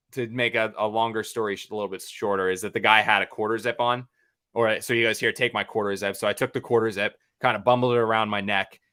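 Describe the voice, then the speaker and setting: A young man on a podcast, telling a rambling, animated story full of fillers and restarts. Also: on the low side. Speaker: podcast co-host.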